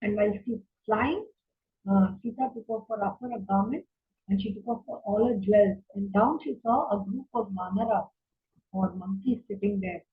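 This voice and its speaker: A woman's voice: mid-range voice, normal speed. Woman storyteller on a tinny phone line. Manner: hesitant, with frequent fillers. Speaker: children's storyteller. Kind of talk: storytelling for children.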